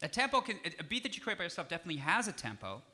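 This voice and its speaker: A man who is a musician teaching a young audience, lively and encouraging as he coaxes them to answer. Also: a little high, racing. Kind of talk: interactive music lesson for kids.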